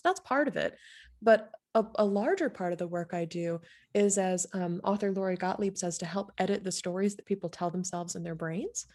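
A woman who works as a grief therapist, talking in a casual, animated way with quick asides and laughs. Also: mid-range voice. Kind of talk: casual podcast conversation.

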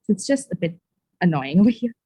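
A young woman from Sri Lanka, a guest on a podcast, chatting in a relaxed way with light laughs. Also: lowish voice, fast talker, husky. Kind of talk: casual podcast chat.

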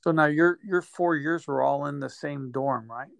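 A man's voice: a little high, normal speed, gravelly. A man interviewing a fellow alumnus, mostly giving short affirmations and chuckling along. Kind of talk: casual interview chat.

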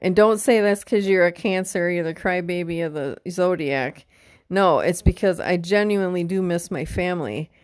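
A woman's voice: on the low side, normal speed, darkish tone, no echo. A middle-aged woman hosting a casual podcast monologue, talking candidly and with heart, swearing freely and open about her feelings. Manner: emotional, openly tearful at times. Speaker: podcast host.

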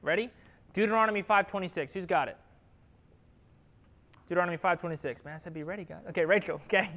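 A man's voice: high voice, fast talker. A young man leading a Bible study in a room with a group, talking in a loose, conversational way and sometimes dropping to a whisper. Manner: conversational, lively, drops to a whisper at times. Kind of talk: casual Bible teaching. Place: classroom with a group.

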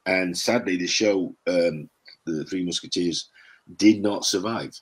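An older man, a guest actor, telling rambling anecdotes in an interview and clearing his throat now and then. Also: sits low, measured pace. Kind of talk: interview chat, storytelling.

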